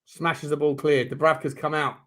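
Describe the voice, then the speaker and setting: A man hosting a live football watchalong, reacting to the match in excitable, sweary commentary and shouting at the referee. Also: on the high side, moderate pace.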